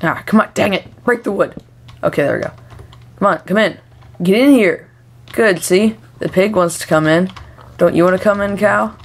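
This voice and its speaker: A young woman talking through a video game as she plays, chatty and excitable, breaking into frantic shouts when startled. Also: mid-range voice, moderate pace. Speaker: gameplay commentator. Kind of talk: let's play commentary.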